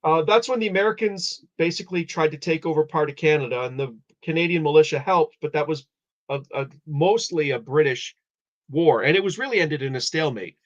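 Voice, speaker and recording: A man with a fairly high voice talks a little fast as he hosts a live stream, loosely explaining history with many false starts. It's casual chat over muffled lo-fi audio.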